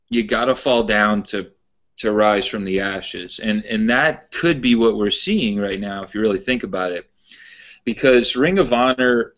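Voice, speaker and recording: Low-voiced male podcast co-host, rambling storyteller, muffled lo-fi audio. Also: fairly bright tone. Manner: rambling storyteller, repeats words. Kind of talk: casual chat.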